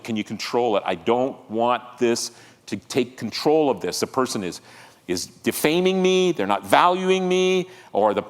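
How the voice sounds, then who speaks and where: Pastor, male, lively delivery with rhetorical questions to the room, long hall echo. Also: a little high. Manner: animated, asks the congregation questions. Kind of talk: sermon. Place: church hall.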